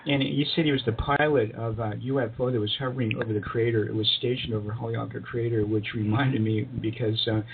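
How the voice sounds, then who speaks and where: A man's voice: mid-range voice, steady tone, quick pace, vocal fry, hardly any pauses, a little hiss or hum. Chuckling man on a tinny phone line. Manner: rambling, chuckling, with many fillers. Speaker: interview guest. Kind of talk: storytelling in a casual interview.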